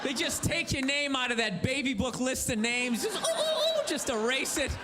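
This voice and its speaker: A male stand-up comedian doing a sarcastic, ranting set on stage, with loud bursts. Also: very high-pitched, normal speed. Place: comedy stage before a live audience. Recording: live club recording with audience laughter and noise.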